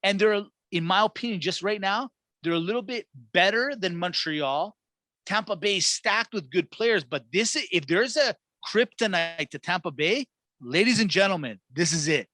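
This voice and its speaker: A man co-hosting a sports podcast in casual chat, animated and hyped, acting out quotes as he talks. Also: sits high, measured pace, dry recording. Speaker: podcast co-host.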